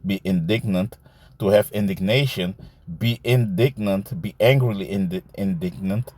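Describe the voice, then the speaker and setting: A man teaching scripture in a loose, conversational way, reading verses slowly and commenting, often adding "man" and "you see". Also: deep voice, darkish tone. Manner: reads verses aloud slowly, then comments.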